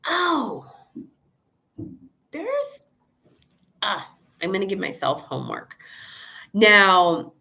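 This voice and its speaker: A woman's voice: medium pitch, wildly swooping pitch, drawn-out words, gravelly, pauses often, sharp tone. A woman veterinarian hosting a casual live Q&A, chatty and rambling, with asides and acted-out quotes. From Chicago area, USA.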